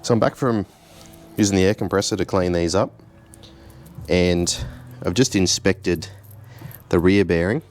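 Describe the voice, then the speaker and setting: Deep-voiced man explaining car work. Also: a little slow, faint music behind. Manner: relaxed, chatty, self-deprecating, with easy chuckles. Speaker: home mechanic host. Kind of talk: casual how-to narration.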